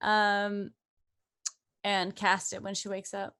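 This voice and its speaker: A woman's voice: medium pitch, completely flat delivery, slow pace, a bit bright, clean tone. A woman playing a tabletop game, asking questions and thinking aloud in casual chat. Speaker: player.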